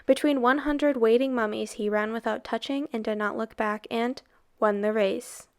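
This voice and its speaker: A woman reading a novel aloud in a steady, expressive storytelling way. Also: on the high side, moderate pace, clear, resonant tone, dry recording, clean studio sound. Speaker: reader.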